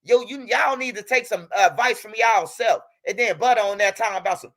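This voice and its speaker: A man's voice: sits high, moderate pace, a bit bright. A young man in a heated, profane rant, repeating himself as he talks straight at a rival. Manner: angry, profane, repetitive, talking straight at a rival. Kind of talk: heated direct-to-camera rant.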